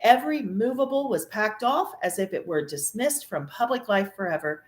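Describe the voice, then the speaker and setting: A woman reading a classic novel aloud with expressive, animated storytelling, in a room of an old mansion. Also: mid-range voice, normal speed. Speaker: reader. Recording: echoey room.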